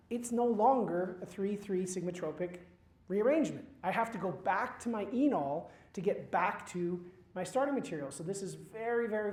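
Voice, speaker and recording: A man's voice: sits high, a little mellow. A man giving a university chemistry lecture, quizzing his students with questions and dropping wry asides. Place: lecture hall. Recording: roomy lecture hall echo.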